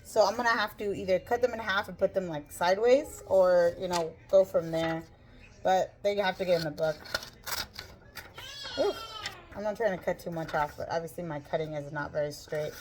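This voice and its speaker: A woman's voice: on the low side, steady tone, moderate pace, a little hiss or hum. A woman vlogging casually in her home kitchen, chatty and rambling, a little out of breath and joking about herself. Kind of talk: casual chat.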